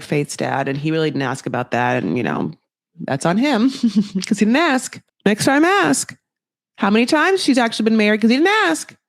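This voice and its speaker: A woman's voice: medium pitch, gravelly, dry recording, studio quality. A woman hosting a podcast, casually recapping a reality TV show in a rambling, gossipy way full of fillers. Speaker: podcast host.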